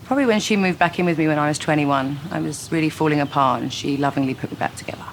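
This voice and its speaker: A woman, a singer giving frank, dry quick-fire answers in a casual interview at home. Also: low-pitched, a little hiss or hum. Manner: frank, dry, laughs easily. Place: her home.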